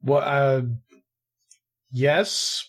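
A man at a tabletop game, speaking in a dry, deliberate way. He talks slowly, at a middle pitch. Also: steady tone. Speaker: player. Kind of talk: casual tabletop play.

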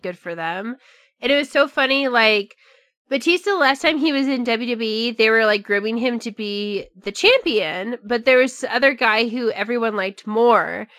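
Mujer de voz brillante y animada. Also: female voice, on the high side, dry recording, clean studio sound. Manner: animated, profane, mocking asides. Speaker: podcast co-host. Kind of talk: casual chat.

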